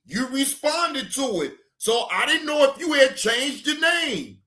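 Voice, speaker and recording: A male reaction channel host giving heated, profane ranting commentary, often shouting. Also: extremely high pitch, expressive, unhurried, hardly any pauses, reverberant.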